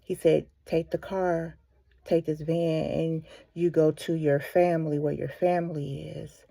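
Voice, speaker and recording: A woman's voice: low-pitched, level tone, a little slow, gravelly, warm tone, no echo. A woman speaking for a ministry, retelling a story casually with many fillers and restarts. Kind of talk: casual spoken devotional.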